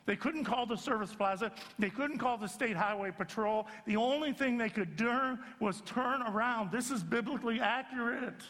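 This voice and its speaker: A man pastor giving an animated, comic sermon in a church sanctuary. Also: extremely high pitch, normal speed, few pauses. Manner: animated storyteller, jumps into acted voices. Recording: long sanctuary reverb.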